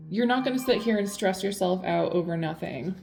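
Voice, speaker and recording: A woman's voice: mid-range voice, brisk, creaky, reverberant, background noise. A woman giving a casual tarot reading, chatty and blunt, full of fillers. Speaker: tarot reader.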